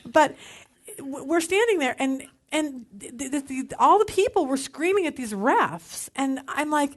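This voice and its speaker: A middle-aged woman leads a Bible study with a fairly high voice. She tells everyday stories in a casual, lively way and acts out the people in them. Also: moderate pace. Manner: animated storytelling, acting out quoted voices. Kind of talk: casual teaching talk.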